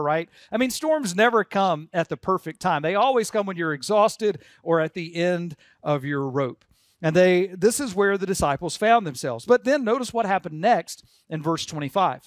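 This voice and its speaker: A man's voice: high-pitched, no room sound, studio quality. A man preaching a sermon as pastor, earnest and leading the congregation to repeat words aloud. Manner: earnest, leads congregation in call-and-response.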